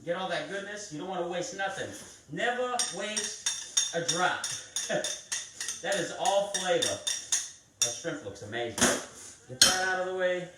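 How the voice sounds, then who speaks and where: A man's voice: high-pitched, moderate pace, long pauses, very noisy. A man hosting a live cooking stream, chatting viewers through each step of a recipe in a casual way. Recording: echoey kitchen, mic at a distance.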